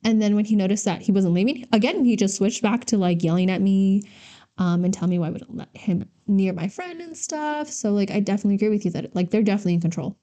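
Animated storytelling woman, mellow tone. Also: medium pitch, quick pace. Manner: animated storyteller, uses "y'all" and "like". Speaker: podcast co-host and trainer. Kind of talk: casual storytelling chat.

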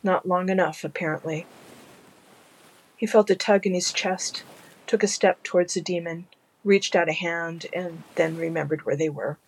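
A narrator reading a fan audiobook at a measured, low-key pace. The voice is gravelly with a husky edge. The tone stays calm and even through the telling. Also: rough recording.

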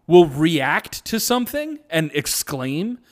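A young man co-hosting a casual comedy podcast, animated and acting out quotes in exaggerated voices. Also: fairly high pitch, slow pace. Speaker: podcast co-host.

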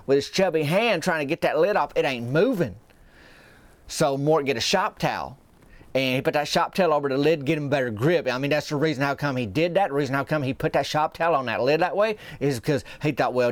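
A man's voice: on the high side, dry recording. A man telling a folksy comic story in a rambling, drawling small-town gossip manner. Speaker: comedic podcast host.

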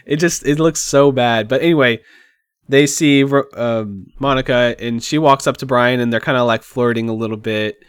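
A man's voice: mid-range voice, moderate pace, smooth, no echo, studio quality. A man co-hosting a podcast, chatting casually and rambling about a film with lots of "like.". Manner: relaxed, rambling, says "like" often. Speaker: podcast co-host. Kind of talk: casual movie discussion.

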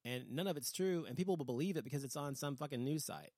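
Fast-talking, profane man ranting. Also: mid-range voice, expressive, darkish tone, no room sound. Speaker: podcast host. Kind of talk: casual opinionated chat.

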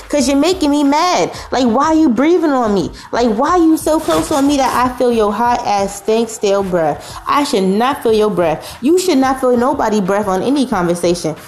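A woman's voice: fairly high pitch, darkish tone, a little hiss or hum. Woman ranting with exasperation. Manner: emphatic, exasperated, repetitive rhetorical questions. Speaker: podcast host. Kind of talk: profane comedic rant.

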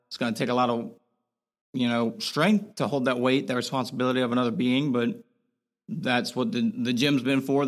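A young man speaking frankly as a podcast guest, in a casual conversational way with lots of fillers. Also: medium pitch. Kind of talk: candid conversational interview.

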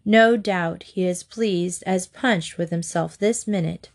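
A woman reading aloud, voicing a brisk, nervous mother who gives clipped orders. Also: fairly low pitch, creaky, full character voice. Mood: wry.

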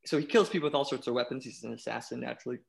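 A man chatting casually on a podcast, animated, often restarting his sentences and laughing. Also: mid-range voice, racing, gravelly. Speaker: panelist.

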